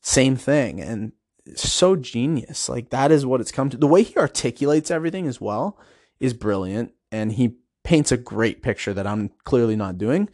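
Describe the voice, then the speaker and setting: A man's voice: mid-range voice, expressive, normal speed, darkish tone, no echo, clean studio sound. A man giving casual, enthusiastic commentary on a film, rambling as he goes. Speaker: video reviewer.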